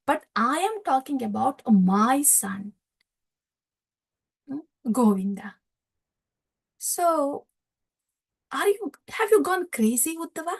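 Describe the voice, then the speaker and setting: A woman voicing an older fatherly cowherd chief who fires off incredulous, pleading questions, her voice high and lively. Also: a little slow, long pauses.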